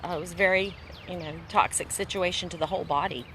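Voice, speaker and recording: A woman host gives a personal faith testimony in casual conversation, speaking in an earnest, emphatic preaching tone and repeating phrases for weight. Her voice is fairly low and fairly bright, delivered fast over a little hiss or hum.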